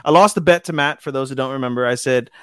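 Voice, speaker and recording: Fast-talking and clean-toned, a man with a mid-range voice co-hosts a casual podcast in a dry, clean studio recording. His episode recap is rambling and full of swearing, and he loses track of names mid-sentence.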